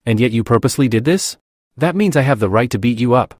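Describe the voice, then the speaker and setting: A man's voice: medium pitch, lively intonation, fast, darkish tone, dry recording, clean studio sound, natural voice. A man voicing a brash young female demi-human guard who is eager for a fight. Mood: fierce.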